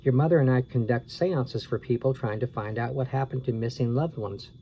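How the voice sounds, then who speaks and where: A man reading as a calm storybook dad. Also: mid-range voice, fairly quick, slight background noise, lightly acted, low-quality recording. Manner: gentle, explaining. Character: calm caring father who runs seances.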